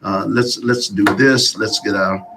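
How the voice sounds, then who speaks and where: A man's voice: on the low side, steady tone, a little slow, noisy background. Laughing man hosting morning radio. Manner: laughs often, repeats himself. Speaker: radio talk show host. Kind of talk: casual morning radio chat.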